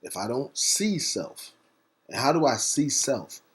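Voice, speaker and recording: On a talk segment, a man serving as host launches into a passionate, sermon-like monologue at medium pitch with big swings in his intonation. He breaks some words into individual letters and shifts from rapid-fire delivery to slow, heavily stressed phrases.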